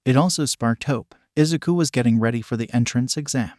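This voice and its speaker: A man narrating a fan fiction story in a plain, even storytelling read. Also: mid-range voice, brisk, no room sound, studio quality. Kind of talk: reading fan fiction aloud.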